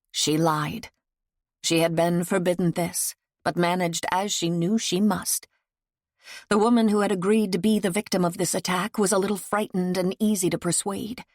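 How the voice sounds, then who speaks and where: A woman narrating an audiobook in a soft, steady reading voice on a close mic. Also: on the low side, moderate pace, no echo. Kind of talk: scripted narration.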